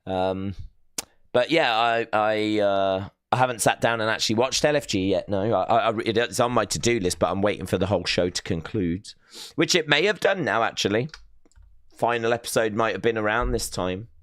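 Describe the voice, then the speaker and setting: Hosting a live watch-along stream, a man reads out viewer messages in a casual, slightly rambling way, full of fillers and self-mockery. His voice is lowish, a bit bright and smooth, at a normal speed. The recording is dry.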